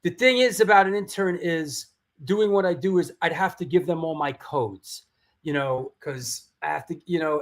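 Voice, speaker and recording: Rambling New host, swearing freely. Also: male voice, a little high. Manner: rambling, swearing, restarts and storytelling asides. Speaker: host of a live hardcore music show. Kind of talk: casual live-stream chat.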